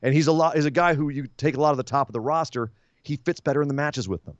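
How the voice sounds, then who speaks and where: A man co-hosts a casual wrestling podcast, recapping with animated energy and frequent laughter. The sound is dry and slightly dull, recorded close without room sound. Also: fairly high pitch, fast, no room sound. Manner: animated, laughs often, jumps into impressions. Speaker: podcast co-host.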